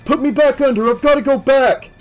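Narrator voicing a fading young man, croaky, desperate, higher pitch. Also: takes it slowly, a little mellow, faint music behind, rough recording.

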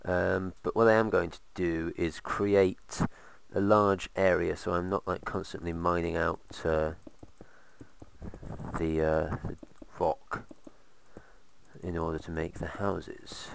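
A man's voice: low-pitched, level tone, slow pace, creaky, slight background noise. A man casually commentating while playing a game, rambling with sarcastic asides. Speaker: let's play host.

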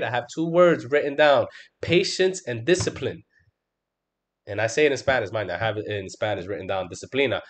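A man's voice: mid-range voice, fairly bright tone. A middle-aged man hosting a trading livestream, talking in an emphatic, casual style full of swearing and "bro"s, now and then mimicking his own panicked outbursts. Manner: emphatic, swears constantly, lots of "right?" and "bro". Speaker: trading stream host. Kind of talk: casual profane livestream chat.

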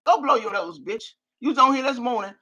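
A woman's voice: fairly high pitch, quick pace, pushed and bright, breathy edge. An older woman on a live stream, cursing and trash-talking while she reads out viewer names. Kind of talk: profane live-stream rant.

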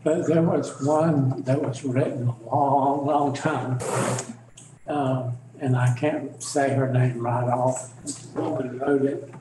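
Man in bible class telling a story real slow, echoey noisy room. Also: medium pitch, fairly even intonation. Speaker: class member. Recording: echoey room with background noise.

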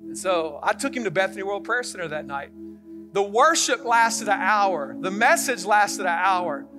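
A middle-aged male pastor telling a story in a sermon, getting animated and loud as it builds. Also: moderate pace, music in the background. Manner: animated, gets loud and high when excited.

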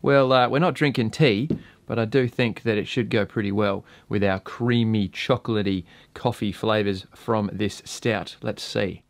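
A man's voice: on the low side, moderate pace, gravelly, no echo. An Australian man casually reviewing gear and beer on his own channel, laid-back and swearing freely.

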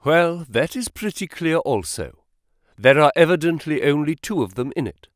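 A man voicing a sharp male detective who reasons aloud in an audiobook reading. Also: fairly high pitch, lively intonation, moderate pace, no echo, clean studio sound, lightly acted. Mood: explaining.

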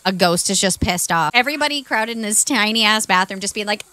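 A woman streamer giving excitable live commentary on a game, laughing often and exclaiming over what happens on screen. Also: mid-range voice, a little fast, a little hiss or hum. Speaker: Twitch streamer.

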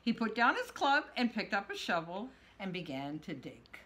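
A woman's voice: medium pitch, huge pitch swings, normal speed, pushed and bright. Playful woman reading a storybook. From Canada. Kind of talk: reading a picture book aloud.

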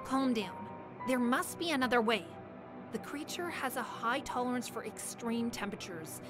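An actress playing a calm female scientist in a horror game, explaining things evenly. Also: fairly high pitch, normal speed, over music, lightly acted.

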